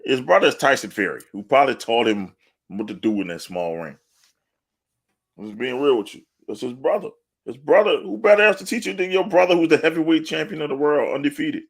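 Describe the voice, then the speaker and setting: A sports podcast co-host speaks briskly in a slightly high voice with a creaky, breathy edge. He's casual and boastful, telling animated stories with laughter and swearing.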